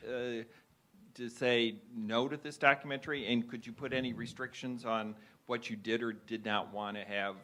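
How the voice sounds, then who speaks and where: A man's voice: medium pitch, fairly bright tone. A man interviewing, asking a long question and rephrasing it as he goes. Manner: halting, rephrasing his question.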